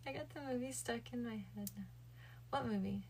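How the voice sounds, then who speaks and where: A woman's voice: on the high side, normal speed, a little mellow, slight background noise. A woman livestreaming late at night, chatting casually with her viewers and thinking aloud. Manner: chatty, addresses her viewers and chat directly.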